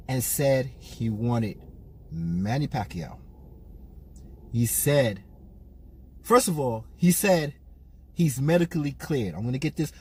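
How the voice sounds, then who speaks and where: A man talking casually as a boxing vlogger, ranting in an animated way, repeating himself and firing off rhetorical questions. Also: mid-range voice, slightly rough. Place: in a car while parking.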